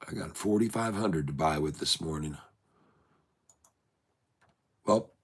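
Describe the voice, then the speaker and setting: A man's voice: extremely low pitch, breathy edge. Rambling, jokey man hosting a trading stream. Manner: rambling and jokey, muttering to himself while working. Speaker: stock day-trading livestream host. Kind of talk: casual livestream chat. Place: home room with shelves of keepsakes.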